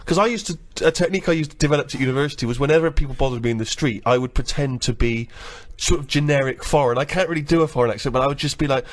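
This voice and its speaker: A man's voice: medium pitch, very fast, few pauses. A man, a radio co-host, telling rambling self-mocking anecdotes in casual banter. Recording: archived radio studio recording.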